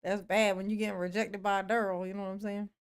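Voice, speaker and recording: A woman hosting a casual livestream, greeting viewers in the chat, playful and laughing often with drawn-out "yes, honey" replies. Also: medium pitch, level tone, smooth. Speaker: livestream host. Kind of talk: casual livestream chat, reading and answering a live chat.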